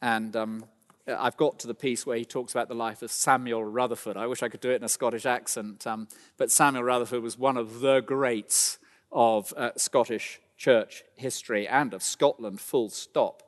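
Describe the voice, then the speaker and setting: A middle-aged male pastor delivers a sermon in an earnest, pleading tone that swells into fervent emphasis. His voice sits at an ordinary middle pitch. It carries a long reverb, as if spoken across a large church. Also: fairly even intonation, normal speed.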